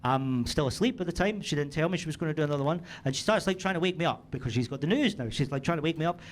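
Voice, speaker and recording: A man's voice: fairly high pitch, lively intonation, very fast. A Scottish man in his thirties doing a stand-up set, telling a story in a chatty, swearing manner with frequent tag questions, on a handheld mic in a comedy club. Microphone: handheld stage mic. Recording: noisy live club recording.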